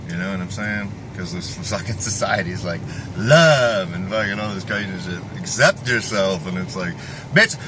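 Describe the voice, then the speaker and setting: A man's voice: fairly low pitch, background noise. A man giving a rambling, profane vlog monologue, often breaking off and restarting his sentences. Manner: profane, restless, self-interrupting. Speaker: fitness vlogger.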